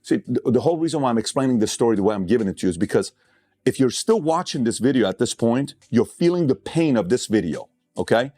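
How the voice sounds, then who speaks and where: A man's voice: mid-range voice, animated, fast, dark tone, no room sound. A man giving a motivational speech, blunt and conversational, telling stories with emphatic, impassioned build-ups. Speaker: motivational speaker.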